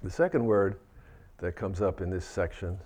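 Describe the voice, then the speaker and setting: A man giving a Buddhist dharma talk, gentle and reflective, often restarting his sentences. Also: low voice, normal speed. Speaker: Buddhist teacher.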